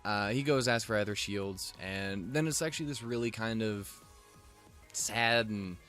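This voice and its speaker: A man's voice: on the low side, measured pace, a bit bright, faint music behind. Rambling, casual man recapping an episode. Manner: rambling, lots of fillers and restarts, swears casually. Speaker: show reviewer.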